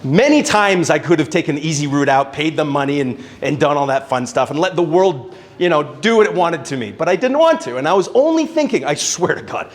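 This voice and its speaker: A young adult man telling a casual, animated story as a speaker at a networking event, swearing now and then. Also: fairly high pitch. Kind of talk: storytelling talk on stage. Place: event venue with live audience.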